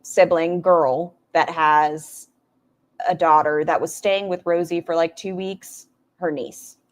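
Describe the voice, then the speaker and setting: A woman talks over clips in a lowish voice, blunt and mocking. Her commentary is casual and full of swearing and sarcastic asides. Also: fairly even intonation, takes it slowly. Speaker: commentary streamer reacting to clips.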